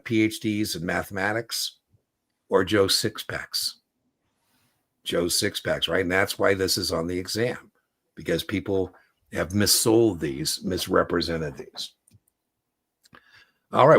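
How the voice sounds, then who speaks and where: A man hosting a casual livestream Q&A as an exam prep coach, chatty and animated, telling stories. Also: low-pitched, normal speed, gravelly, husky.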